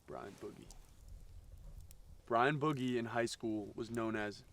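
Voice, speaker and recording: A man's voice: medium pitch, slow, a bit bright, far from the mic. A young man telling a campfire story to friends, hamming it up. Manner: hammy, playing it up.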